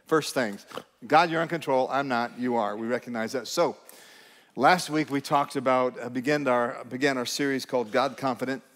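A man's voice: medium pitch, normal speed, fairly bright tone, big-room sound. A male pastor, preaching in a conversational, emphatic way to his congregation. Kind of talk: sermon. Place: church sanctuary.

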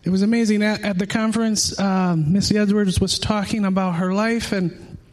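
Earnest high-voiced man preaching. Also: fairly even intonation, moderate pace. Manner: earnest, repeats words when searching for them. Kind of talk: sermon.

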